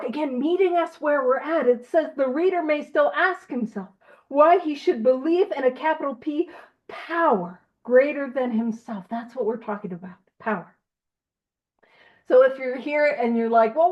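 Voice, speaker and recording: High-voiced chatty woman leading a study. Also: highs cut off. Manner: chatty and self-deprecating, laughs often. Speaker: study group leader. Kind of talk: casual teaching and reading aloud.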